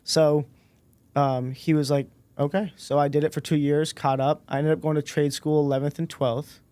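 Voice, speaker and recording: A man in his twenties, a podcast guest, telling a personal story in a relaxed way and acting out the dialogue. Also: a little high, normal speed, clear, resonant tone, no echo. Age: 20s. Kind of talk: casual storytelling interview.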